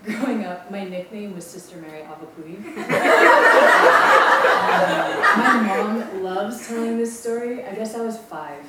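A woman's voice: mid-range voice, animated, slow pace. A woman in her twenties from Maui, on staff with a campus ministry, sharing a chatty, self-deprecating personal testimony with many ums. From Maui, Hawaii. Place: lecture room. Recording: echoey room, distant mic, background noise.

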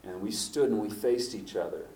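Middle-aged preacher, animated storyteller, mic at a distance in an echoey church. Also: male voice, fairly low pitch, normal speed, vocal fry, a little hiss or hum. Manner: storytelling, animated, building to emphatic points. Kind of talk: sermon. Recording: roomy echo, from off the mic.

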